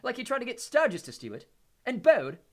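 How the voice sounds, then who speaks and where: A man's voice: extremely high pitch, wildly swooping pitch, brisk, voice pushed up, heavily acted. A man voicing a defiant, tense teenage boy wizard in an audiobook reading. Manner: urgent, defiant.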